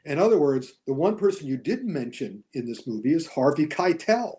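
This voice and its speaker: Animated older man explaining films. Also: on the high side, slight background noise. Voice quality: measured, explanatory, chuckles. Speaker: guest film critic. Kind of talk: casual chat.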